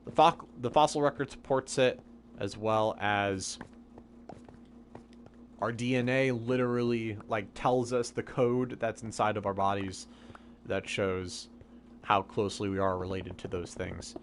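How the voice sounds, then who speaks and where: A man's voice: fairly low pitch, steady tone, a little slow, a little hiss or hum. A young man live-streaming a game, casually and patiently explaining science questions from chat.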